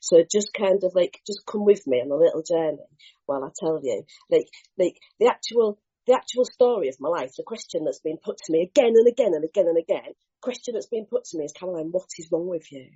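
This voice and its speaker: A woman gives an earnest, animated share at a recovery meeting. Her voice sits fairly low and husky with a mellow, dark tone. The live recording sounds muffled and lo-fi. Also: a little fast. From England. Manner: earnest, animated storytelling, mimics other voices.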